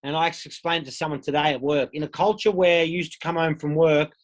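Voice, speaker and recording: A man's voice: fairly high pitch, steady tone, a little fast. An Australian man in his thirties, a podcast guest telling his own story in a candid, casual way with plenty of swearing. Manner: candid, swears freely, acts out quoted voices.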